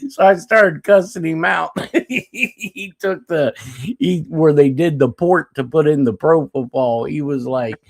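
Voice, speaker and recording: A man's voice: fairly high pitch, measured pace, creaky. A man on a live stream telling a long story, cursing freely and breaking into laughter between lines. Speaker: guest storyteller. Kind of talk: casual live-stream chat.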